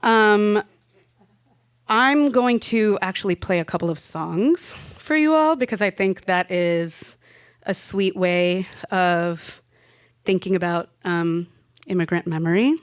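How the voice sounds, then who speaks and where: A woman's voice: fairly low pitch, takes it slowly, clean tone, no echo, clean studio sound. Wry, chatty woman telling a live story. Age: late 20s. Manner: chatty, wry, laughing now and then. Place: room with a live audience. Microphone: handheld stage mic.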